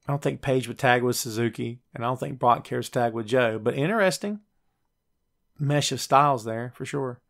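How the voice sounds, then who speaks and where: A man hosting a laid-back wrestling talk show, riffing through his picks in an easy, chatty way. His voice sits at an average pitch for a man. He talks straight to the viewers and breaks into quick high-pitched voices when he quotes wrestlers. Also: vocal fry. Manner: chatty, jokey, addresses live viewers directly. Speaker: podcast host.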